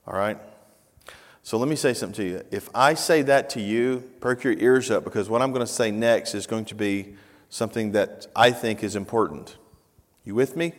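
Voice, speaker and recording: A man's voice: fairly low pitch, big-room sound. A male pastor preaching in a conversational, emphatic way and reading scripture aloud in a church. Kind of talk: sermon.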